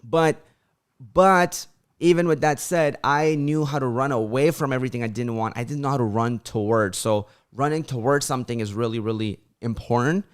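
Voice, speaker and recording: A man's voice: medium pitch, normal speed, smooth. A young man hosting a casual livestream, talking loosely with lots of "like" fillers and acting out his friends' voices when he tells stories. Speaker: channel host on a livestream.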